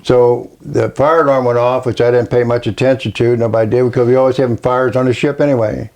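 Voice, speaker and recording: An older man with a Kentucky accent, a Navy veteran telling his story in a slow, plainspoken, halting way during an oral history interview. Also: mid-range voice, fairly even intonation, a little mellow.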